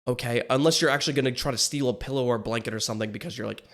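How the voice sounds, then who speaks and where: A man chatting through his reaction to an animated episode, swearing casually and wandering through question after question. His voice sits at an ordinary middle pitch. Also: racing, few pauses. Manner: rambling, swears freely, asks many questions. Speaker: reaction video host.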